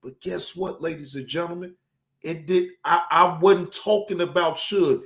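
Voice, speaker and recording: A man's voice: fairly high pitch, measured pace, fairly bright tone. A man hosting his channel, angrily ranting at a rival and swearing freely as he talks straight to him. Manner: angry, profane, addresses a rival directly. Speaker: streamer and channel host. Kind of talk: heated reaction rant.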